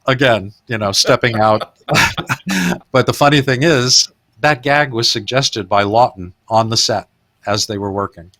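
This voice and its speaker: Bright-voiced man chuckling through film talk. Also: lowish voice, unhurried. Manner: chuckling, animated retelling of gags. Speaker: podcast host. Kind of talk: casual film discussion.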